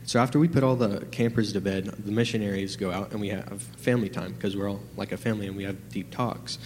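A young man stands in a church telling his testimony, his voice a little low and shaky with nerves. He rambles excitedly with constant fillers, and the hall rings with long reverb over a faint room hum. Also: fast. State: nervous, trembling. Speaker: testimony giver.

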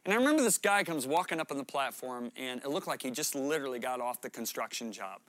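Male guest preacher, mid-pitched, earnest and emphatic storyteller, dry close recording. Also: animated, fast talker, a bit bright, no echo. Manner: earnest, emphatic, repeats words when stirred. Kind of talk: sermon with storytelling.

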